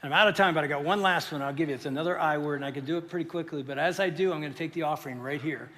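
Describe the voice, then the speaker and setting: High bright-voiced preacher in a hall. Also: male voice, rapid-fire. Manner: animated storytelling, acting out voices. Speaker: pastor. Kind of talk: sermon. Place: church. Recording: reverberant church hall.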